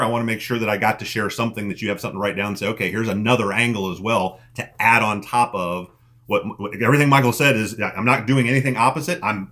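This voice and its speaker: A man's voice: lowish voice, pushed and bright. Emphatic man coaching on a call. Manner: emphatic, repeats key lines for effect. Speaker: sales coach on a team call. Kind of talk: motivational teaching talk.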